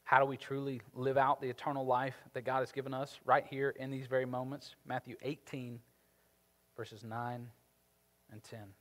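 A man preaching a sermon as pastor, with emphatic delivery that swings from quiet to loud. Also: medium pitch, little pitch movement, normal speed. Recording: reverberant hall with faint music.

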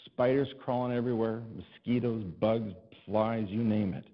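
A male pastor telling a personal story in a sermon, animated and self-deprecating, rising to exasperated cries to God. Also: mid-range voice, brisk, few pauses, long reverb tail, lo-fi sound.

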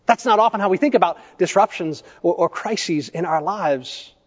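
A male pastor preaching a sermon, telling stories in a measured way and putting questions to the congregation. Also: sits high. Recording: echoey church hall, dull lo-fi sound.

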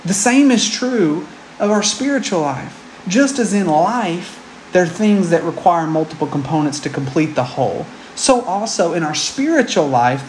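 A man's voice: fairly high pitch, slight background noise. Man preaching in an echoey room. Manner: conversational, with frequent ums and restarts. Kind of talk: sermon. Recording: roomy echo.

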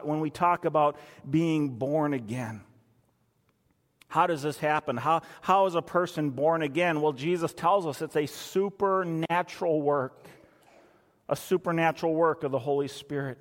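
A man's voice: on the high side, moderate pace, long reverb tail. A man preaching a sermon as pastor, emphatic and repeating phrases for stress.

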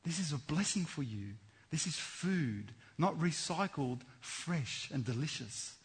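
A man preaching a sermon, swinging between loud fervent exhortation and hushed earnest appeals. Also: on the high side, lively intonation, a little slow, slightly rough.

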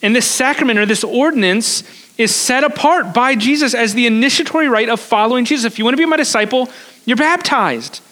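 A man's voice: very high-pitched, a little fast, pushed and bright. A man preaching a sermon to a congregation, explaining step by step, repeating words as he goes and putting questions to his listeners. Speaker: pastor. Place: church service.

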